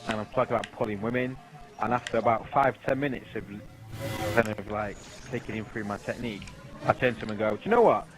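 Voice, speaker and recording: A man's voice: fairly low pitch, fairly even intonation, fast talker, over music, poor audio. A young British man casually telling stories while playing a game, laughing often and swearing freely. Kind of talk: casual chat over gameplay.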